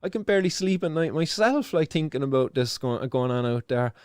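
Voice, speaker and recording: Impassioned Irish man, slightly high voice. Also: animated, fairly quick, darkish tone, smooth, no echo. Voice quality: fervent, swears freely, repeats words. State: emotional. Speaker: live news show host. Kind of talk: impassioned spoken commentary.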